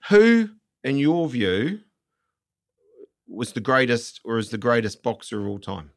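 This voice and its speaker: Middle aged guy hosting, gravelly, kinda rambles his questions. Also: medium pitch, lively intonation, unhurried. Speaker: host. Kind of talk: casual interview.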